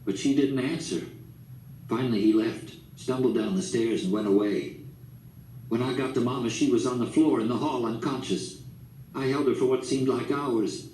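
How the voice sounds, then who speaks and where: Mellow-voiced man narrating a novel. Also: medium pitch, moderate pace. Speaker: audiobook narrator. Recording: roomy, distant mic, faint background noise.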